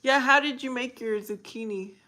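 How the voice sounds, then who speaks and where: A woman's voice: a little high, moderate pace, pushed and bright. A woman hosting a casual livestream, chatting with viewers, reading their comments aloud and laughing often. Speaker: livestream host.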